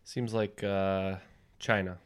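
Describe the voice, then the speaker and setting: A man's voice: sits low, little pitch movement, takes it slowly, clear, resonant tone. A man playing along in a casual quiz game, making hesitant, jokey guesses. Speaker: quiz contestant. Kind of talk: casual group game chat.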